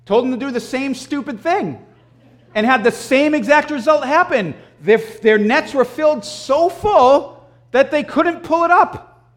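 A man giving a conversational sermon, animated and storytelling, often clearing his throat. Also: very high voice, measured pace. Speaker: preacher.

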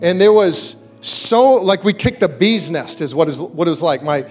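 A man preaching to a church, telling a personal testimony in an animated storytelling way and acting out the quotes. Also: a little high, normal speed, faint music behind. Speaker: church speaker giving a testimony. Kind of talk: storytelling sermon.

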